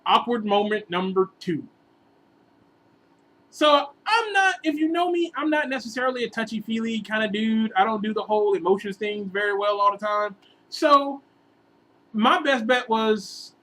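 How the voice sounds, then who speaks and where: A man telling a long, rambling relationship story in a casual vlog, animated and sometimes bursting into exasperated outbursts. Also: high-pitched, moderate pace, poor audio. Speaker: vlogger giving relationship advice.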